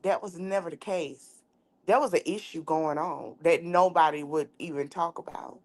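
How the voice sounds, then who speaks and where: A woman's voice: on the low side, a little slow. A woman hosts a casual podcast. Her delivery is candid and outspoken. She acts out each side of a conversation as she tells a story. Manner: outspoken, animated storyteller acting out dialogue. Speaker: podcast host.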